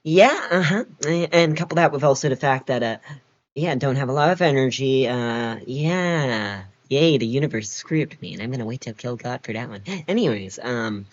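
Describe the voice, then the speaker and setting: A young man in his late teens with a naturally high voice, chatting casually with a friend on a call and playfully shifting his pitch around. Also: normal speed, dull audio. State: dry mouth. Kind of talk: casual chat.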